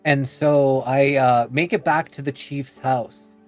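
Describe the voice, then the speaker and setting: Man, podcast guest, rambling anecdote, casual fillers, acts out quotes, middle pitch, faint music behind. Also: fairly even intonation, slow. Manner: chatty, full of "you know" and "like", acts out quoted speech.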